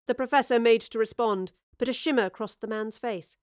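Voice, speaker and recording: A woman reading a story aloud as narrator, steady and expressive. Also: fairly high pitch, normal speed, hardly any pauses, no room sound, clean studio sound. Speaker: audiobook narrator. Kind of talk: scripted narration.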